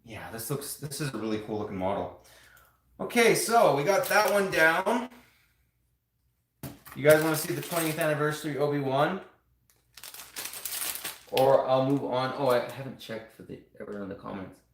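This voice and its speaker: A man talks casually to his live-stream viewers in a middle-pitched voice. His talk rambles from point to point as he builds and shows things off. The sound carries a clear room echo from a home setup. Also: expressive, brisk, slight background noise.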